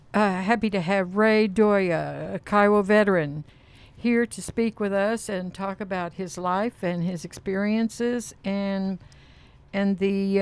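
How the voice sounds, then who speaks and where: Female radio co-host, unhurried, smooth clear voice, dry studio sound. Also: medium pitch, a little mellow, no echo. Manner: slow, measured. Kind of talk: introducing a guest on radio.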